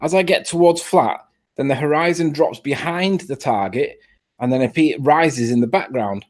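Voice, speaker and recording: Joining a live stream by video call, this man stumbles through his sentences as he insistently argues a point in a casual debate. His voice is slightly high, and he speaks at a normal speed.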